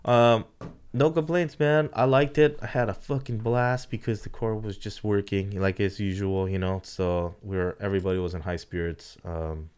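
Low-voiced man rambling profanely, laid-back. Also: normal speed, smooth. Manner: rambling, profane, fillers like "you know"; animated when retelling, voice jumps up for quoted lines. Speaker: drag racing team owner. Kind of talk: casual podcast chat.

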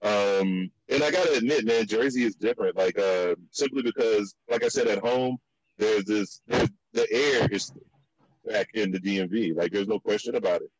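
A man from the Virginia and DC area telling stories in a casual chat, with many restarts and high jumps in pitch for the quotes. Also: moderate pace, no echo, highs cut off. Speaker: guest.

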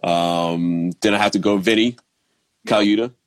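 A drummer from Baltimore, Maryland, speaks as a guest in a casual interview, his voice on the low side and unhurried. He's laid-back and easygoing, with lots of ums and restarts, and the recording is dry.

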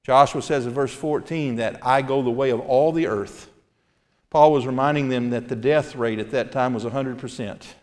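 A man's voice: medium pitch, normal speed. Pastor guy preaching earnestly in a church, long echo hanging off every word. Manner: earnest preaching, reads scripture aloud. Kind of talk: sermon. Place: church sanctuary.

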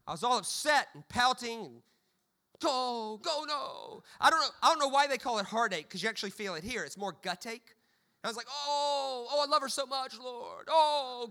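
A man preaches a sermon in a high-pitched voice. His tone is bright and sharp. He leans on humorous storytelling and often repeats words as he stammers.

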